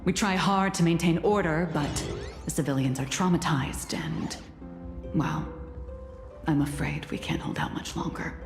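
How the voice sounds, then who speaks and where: A woman playing a composed security captain giving measured briefings in a disaster, in a video game. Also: sits low, steady tone, over music. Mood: grave. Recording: roomy echo with long reverb.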